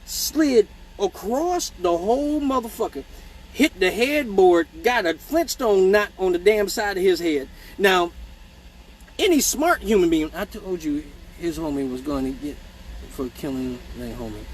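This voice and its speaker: A man telling profane childhood stories in a casual live stream, animated and mimicking voices, with hiccups. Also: sits high, unhurried, breathy edge, low-quality recording. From Michigan. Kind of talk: casual storytelling.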